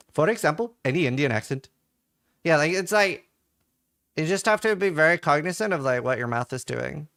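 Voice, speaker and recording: A man's voice: on the high side, animated, moderate pace, gravelly, fairly bright tone. A man from Norway, a game streamer, chatting casually and reading his chat aloud with offhand swearing.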